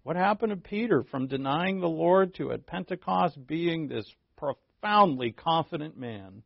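Male pastor, raised voice, gravelly edge, chatty sermon delivery with asides, dry and slightly muffled sound. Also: a little high, lively intonation, unhurried, no room sound. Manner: conversational, self-interrupting, playful asides.

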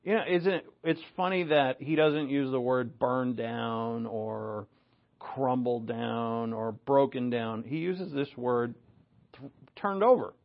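Gravelly male preacher, animated sermon. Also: muffled recording. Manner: animated, shifts between loud emphasis and low asides.

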